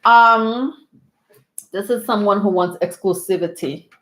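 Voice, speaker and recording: A woman's voice: medium pitch, unhurried, fairly bright tone, roomy sound. A woman giving a casual live tarot reading, chatty and loose, with many fillers and frequent laughs. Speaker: tarot reader.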